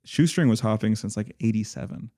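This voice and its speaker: A man's voice: on the low side, brisk, mellow. A man co-hosting a podcast, talking casually and rambling, with many fillers and restarts. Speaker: podcast co-host.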